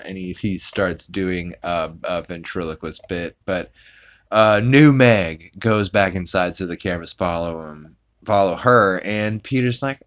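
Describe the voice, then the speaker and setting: Low-pitched male podcast host; loose, rambling recap. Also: measured pace, a bit bright. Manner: rambling, many fillers, acts out quotes. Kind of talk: casual episode recap.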